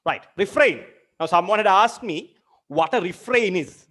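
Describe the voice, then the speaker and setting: A man's voice: high-pitched, expressive, a little slow, fairly bright tone. A man teaching a literature lesson, explaining terms and going over examples more than once. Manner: explains with repeated examples, asks students direct questions. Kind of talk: online lecture.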